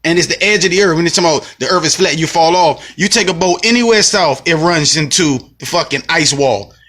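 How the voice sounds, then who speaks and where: A man's voice: on the high side, fast, fairly bright tone. A man from the United States ranting heatedly in a casual vlog, swearing often and repeating himself as he explains his point. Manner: heated, profane, repetitive. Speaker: vlogger.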